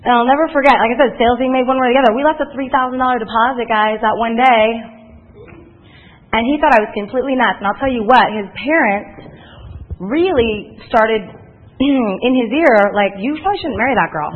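Energetic woman speaker, tinny phone-like sound. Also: fairly high pitch, brisk. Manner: energetic, chatty, acts out others' voices. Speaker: motivational speaker at a sales meeting. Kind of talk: animated storytelling to a live audience.

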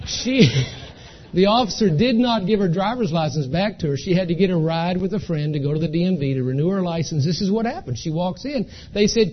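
Guy giving a talk, kinda high husky voice, lots of "okay?", lo-fi sound. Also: lively intonation, brisk. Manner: chatty, storytelling, keeps asking "okay?". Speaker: speaker at an identity theft seminar. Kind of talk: folksy live presentation to an audience.

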